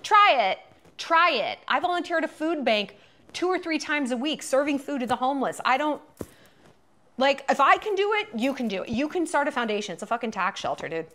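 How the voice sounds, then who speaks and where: Chatty, animated woman host. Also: high-pitched, brisk. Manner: chatty, profane, animated, lots of fillers. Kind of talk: casual commentary monologue.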